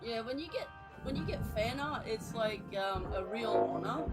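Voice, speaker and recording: A woman's voice: on the high side, normal speed, over music, rough recording. Giggly Australian woman streamer. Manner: giggly, animated, self-deprecating. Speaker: guest streamer. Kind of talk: casual chat.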